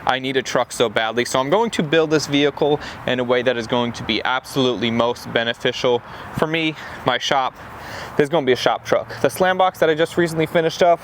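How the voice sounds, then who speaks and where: A young man casually vlogging about a truck build, relaxed and peppered with "dude". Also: mid-range voice, a little fast. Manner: laid-back, says "dude" a lot. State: out of breath. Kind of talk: casual shop vlog talk. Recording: noisy outdoor camera audio.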